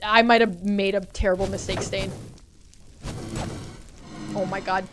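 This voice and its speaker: A young woman streaming a game live, talking to her chat in a panicky, excitable way. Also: mid-range voice, unhurried, long pauses, soft background music. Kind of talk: live gameplay commentary.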